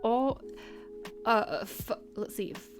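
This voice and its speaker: Bubbly woman streamer, unhurried delivery, slightly high voice, greets chat warmly over faint music. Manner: bubbly, giggly, greets chatters one by one. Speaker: art streamer. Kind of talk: casual livestream chat. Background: faint background music.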